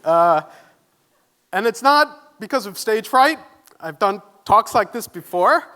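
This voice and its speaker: Man, keynote speaker, high and bright, nervous but earnest on a stage mic. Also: expressive, takes it slowly. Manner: earnest, self-deprecating, audience questions. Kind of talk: conference keynote talk. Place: conference stage.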